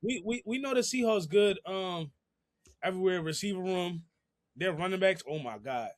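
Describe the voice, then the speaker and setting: Man, young adult, slightly high pitch, casual sports podcast chat, slangy, repeats himself. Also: expressive, normal speed, dry recording, studio quality. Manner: slangy, repeats phrases, laughs often. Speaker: podcast co-host.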